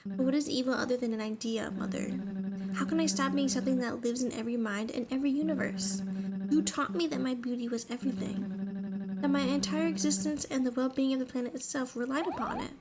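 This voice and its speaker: A woman's voice: on the high side, a little fast, very noisy, lightly acted. A woman voicing a cold, scornful villainous young woman in a game, menacing and brooding. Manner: menacing, coldly philosophical.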